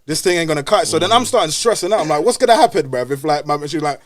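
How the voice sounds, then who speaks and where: Brief: man, quick and high-pitched, slangy animated storyteller on a podcast. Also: no echo, studio quality. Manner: animated, slangy, swears a lot. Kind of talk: casual storytelling chat.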